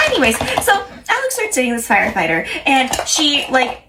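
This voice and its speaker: A young woman recaps sitcom plots in a loose, rambling way, full of asides and strong opinions. Her voice sits a little high. The home recording has clear background noise. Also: wildly swooping pitch, normal speed. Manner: chatty, rambling, opinionated, self-interrupting. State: has the hiccups. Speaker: pop culture commentator. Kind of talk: casual recap chat to camera.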